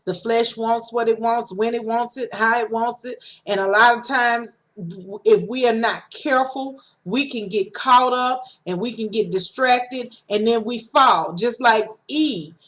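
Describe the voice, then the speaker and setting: A woman's voice: fairly high pitch, a little slow, fairly bright tone. A woman giving a casual, self-recorded sermon, talking conversationally with restarts and acting out quoted lines. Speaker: preacher. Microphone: home recording setup.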